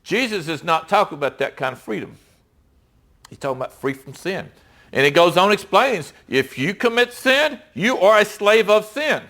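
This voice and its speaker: A man's voice: sits high, sing-song, moderate pace, bright, forceful tone. Emphatic middle-aged man preaching. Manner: conversational and emphatic, asking rhetorical questions. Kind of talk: sermon with Bible reading.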